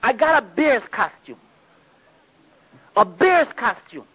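A man giving a sermon with dramatic storytelling, his delivery swinging between loud outbursts and hushed asides. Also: extremely high pitch, very animated, slow, husky. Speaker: preacher. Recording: tinny phone-like recording.

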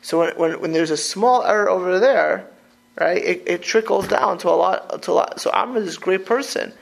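In an informal Torah class, a man teaches at normal speed with a high, gravelly voice, vocal fry rasping beneath his words. He is animated, stumbling through restarts and mixing Hebrew phrases into his English.

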